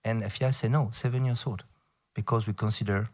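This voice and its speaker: A middle-aged man from France with a French accent, speaking English as a second language and giving a conference talk, halting, with many fillers and playful asides. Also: on the low side, steady tone, darkish tone. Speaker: federation director addressing a round table. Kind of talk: conference speech.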